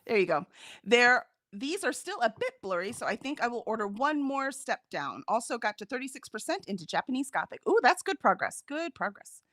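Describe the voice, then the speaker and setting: A woman co-hosting a reading stream in casual chat, reading out viewer comments with animated, laughing energy. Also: a little high, fairly quick, dry recording, studio quality. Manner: animated, chatty, laughs often. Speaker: co-host of a reading sprint stream.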